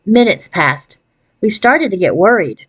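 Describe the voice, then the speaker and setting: A woman reading a children's chapter book aloud in a steady narrating voice. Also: medium pitch, a little slow, slightly rough, no echo. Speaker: storyteller.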